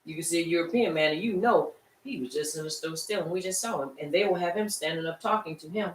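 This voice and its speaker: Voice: medium pitch, quick pace, slight background noise. A teacher preaching a Shabbat class to a congregation, talking in a loose conversational way with rhetorical questions that draw answers from the room. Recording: echoey room, distant mic, faint ambience.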